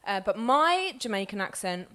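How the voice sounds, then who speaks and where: A woman who co-founded the group, reading poems aloud at a live event with measured, expressive delivery. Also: mid-range voice, clean tone.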